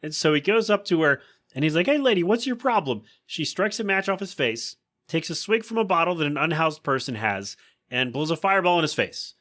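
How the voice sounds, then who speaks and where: Man host, casual recap, bright forceful voice, does silly character voices. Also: on the high side, animated, fairly quick. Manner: chatty, acts out quoted lines in funny voices. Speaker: podcast host.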